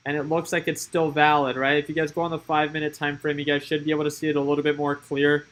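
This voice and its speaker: A man's voice: a little high, monotone, fast talker, a bit bright, poor audio. A man giving casual live-stream commentary on stock market moves, chatty and thinking aloud as he watches the charts.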